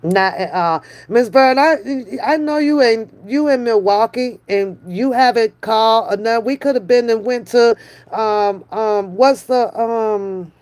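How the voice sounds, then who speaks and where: A woman hosting a live stream, chatting casually with viewers in a slow, drawn-out way, often brushing things off with a dismissive "mm-mm". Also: fairly high pitch, a little mellow. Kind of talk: casual chat.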